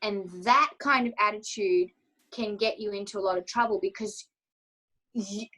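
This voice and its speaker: A woman's voice: mid-range voice, moderate pace, bright, forceful tone, poor audio. A woman coach telling her personal story in an interview, emotional and candid, acting out her own inner thoughts as she speaks. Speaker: confidence coach, interview guest.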